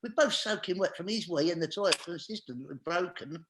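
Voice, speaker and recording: A man's voice: high-pitched, fast, background noise. A man, a guest on a chat show, telling a comic anecdote and acting out each scene with animation.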